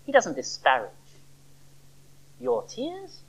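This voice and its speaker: A preacher giving a sermon to a church service, expressive, with dramatic pauses and rhetorical questions. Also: medium pitch, vocal fry, slightly rough, low-quality recording.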